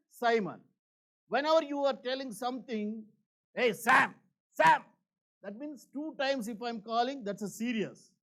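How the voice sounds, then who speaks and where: A man preaching a church sermon in an earnest, repetitive way, with many fillers, swinging between emphatic and hushed. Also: high voice. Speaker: pastor.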